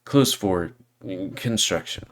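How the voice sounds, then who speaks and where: A man voicing a gruff male tiger worker who brushes people off. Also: sits low, animated, slow, fairly bright tone, full character voice. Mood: curt. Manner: curt and dismissive.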